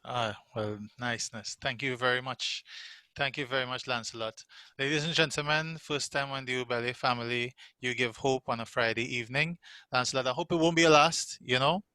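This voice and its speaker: A man's voice: medium pitch, steady tone, brisk, bright, forceful tone, clear, resonant tone, no room sound. A man hosting an online live show over a video call, with playful, teasing banter. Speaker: host.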